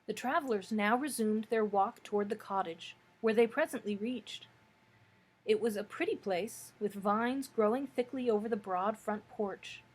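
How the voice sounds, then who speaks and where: A woman who works as a librarian, reading a children's book aloud with steady, expressive storytelling. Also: mid-range voice, moderate pace, slightly rough.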